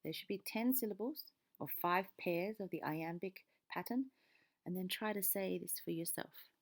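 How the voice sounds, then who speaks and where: A woman's voice: on the low side, normal speed. Patient woman teacher explaining a lesson. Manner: patient, explains step by step, frequent "okay". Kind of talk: recorded classroom lesson.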